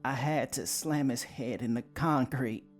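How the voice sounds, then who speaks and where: A man's voice: medium pitch, expressive, slow, darkish tone, faint music behind, voice pushed up. A man voicing a panicked young female vampire who stammers and stumbles over her words. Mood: frantic. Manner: stammering, frantic.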